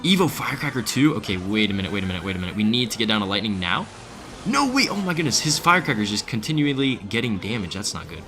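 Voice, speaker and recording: A young man giving casual, excitable live commentary on his gameplay while chatting with viewers. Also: fairly low pitch, racing, hardly any pauses, slight background noise. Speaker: streamer. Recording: faint music behind.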